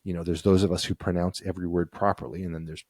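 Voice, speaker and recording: A man from the United States co-hosts a relaxed podcast, talking through an article and laughing easily. His voice sits low. The sound is dry and close, with no room around it. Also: fast talker, no room sound. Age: adult with children. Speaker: podcast co-host. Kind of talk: casual explainer chat.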